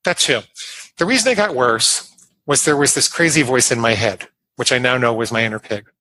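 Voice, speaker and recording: A man's voice: medium pitch, fairly quick, bright, forceful tone, no echo, low-quality recording. A man in his fifties, a podcast guest telling a personal story in an earnest manner. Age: 50s. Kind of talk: interview storytelling.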